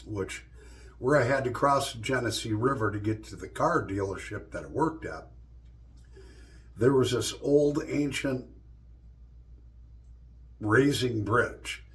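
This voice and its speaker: A man's voice: mid-range voice, expressive, takes it slowly, pauses often. Joking, profane middle-aged man telling stories. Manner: loose, profane, joking delivery. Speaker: vlogger. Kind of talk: casual storytelling monologue.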